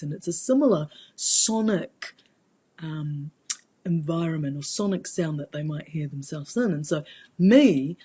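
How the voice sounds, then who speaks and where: A woman's voice: mid-range voice, animated, normal speed, breathy edge. A woman, giving a chatty live Q&A as a vocal coach. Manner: chatty, explanatory, demonstrates voice changes. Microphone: phone.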